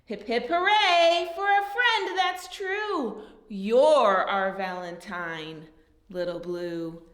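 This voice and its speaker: A woman reading a picture book aloud to young children, in a sing-song, animated way with soft whispered asides, pausing to teach simple signs. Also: fairly high pitch, reverberant. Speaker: storyteller teaching baby signs.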